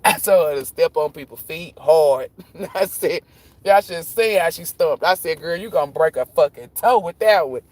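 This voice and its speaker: A man's voice: a little high, lively intonation, moderate pace, darkish tone, no echo. A man hosting a tarot livestream, chatting casually and telling profane stories. He laughs often and acts out the voices of the people he quotes.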